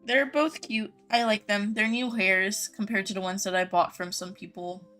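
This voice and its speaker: Bright-voiced gushing woman streamer. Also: medium pitch, fairly even intonation, normal speed, soft background music. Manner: gushing, upbeat, greets chatters by name. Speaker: game streamer. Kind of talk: casual live-stream chat reading viewer messages.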